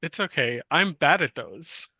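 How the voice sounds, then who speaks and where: A man's voice: a little high, lively intonation, measured pace, sharp tone, husky, dry recording. A man playing in an online tabletop game, chatty and easygoing. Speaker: player. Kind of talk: casual tabletop game chat.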